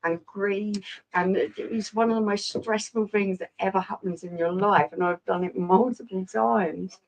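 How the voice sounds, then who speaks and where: A woman's voice: mid-range voice, fairly even intonation, normal speed, gravelly, low-quality recording. A middle-aged woman with a teasing, wry manner, chatting as co-host. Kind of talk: casual chat.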